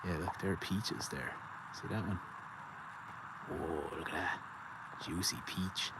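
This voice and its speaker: Deep-voiced Irish man chatting in a garden. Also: slow pace, very noisy. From Ireland. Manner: rambling, joking, reads out viewer comments. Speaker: livestream host. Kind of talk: casual live-stream chat. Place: garden outdoors at night.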